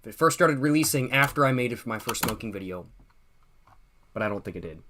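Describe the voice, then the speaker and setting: A man's voice: medium pitch, expressive, fairly quick, a bit bright. A young man hosting a casual livestream, chatting and reading viewer comments in a loose, profane, slangy way, often repeating himself and laughing. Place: at home streaming with a drink at hand.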